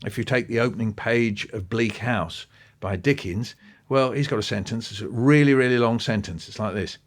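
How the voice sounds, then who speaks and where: A man, an interview guest talking with lively enthusiasm and acting out bits of what he describes. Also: lowish voice, moderate pace. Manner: animated, quoting and acting out passages. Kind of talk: podcast interview.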